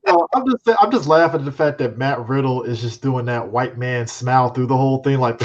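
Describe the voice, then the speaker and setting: A man's voice: mid-range voice, lively intonation, moderate pace. A man co-hosting a podcast with blunt, joking, profane remarks. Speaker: podcast co-host. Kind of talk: casual podcast banter. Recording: dull, lo-fi audio.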